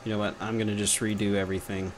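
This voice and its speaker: A man's voice: lowish voice, little pitch movement, very fast, a little hiss or hum. A young Texan man with a Texan accent, giving a casual live-stream tutorial, chatty and jokey, muttering to himself as he works. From Texas. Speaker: game developer teaching a tutorial.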